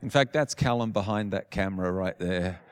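A man's voice: low-pitched, moderate pace, clean tone. A man preaching a sermon, telling stories and repeating phrases for emphasis. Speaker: pastor.

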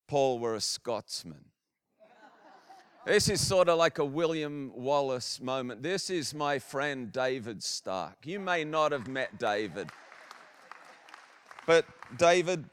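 Slow-preaching man with a smooth voice. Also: mid-range voice, dry recording, clean studio sound. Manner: earnest, animated preaching with repeated restarts. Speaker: minister. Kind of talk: sermon.

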